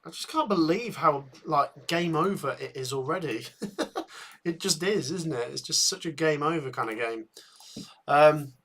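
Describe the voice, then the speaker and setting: A man hosting a live football watchalong, chatting with viewers and getting excited at chances, a bit tired. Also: fairly high pitch, unhurried, husky. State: tired, yawning. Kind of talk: live match commentary and chat.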